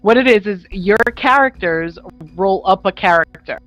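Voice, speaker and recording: A woman chatting as a player at a tabletop game, giggly and animated. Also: medium pitch, moderate pace. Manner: giggly, animated when excited. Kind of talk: casual chat at a tabletop game.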